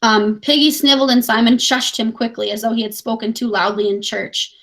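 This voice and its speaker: A woman English teacher with a slightly high voice, reading passages from a novel and breaking them down for students. Her delivery is casual and chatty, with plenty of "like" and "um". It feels like a relaxed recorded lesson. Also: brisk. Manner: casual, chatty, many "like" fillers.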